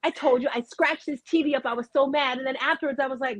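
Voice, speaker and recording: Woman host, high voice, animated and candid, jokes as she tells stories. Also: fast, dry recording, poor audio. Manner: animated storyteller, candid and joking. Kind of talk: casual chat.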